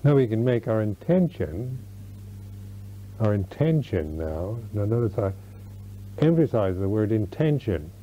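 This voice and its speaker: An older American man, a Buddhist monk, giving a slow Dharma talk at a retreat, searching for words with many restarts. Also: fairly low pitch, animated, slight background noise. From United States. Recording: dull lo-fi 1991 recording.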